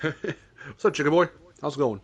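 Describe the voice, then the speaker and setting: A man's voice: a little high, normal speed, husky, dull audio. Laughing, joking young man streaming. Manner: joking, laughs often, rambling. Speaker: streamer and host. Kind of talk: casual gaming chat.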